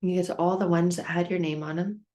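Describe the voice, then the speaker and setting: A woman's voice: lowish voice, fairly even intonation, fast, dark tone, lo-fi sound. Woman telling a story in repetitive build-ups. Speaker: self-help speaker. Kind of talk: motivational talk.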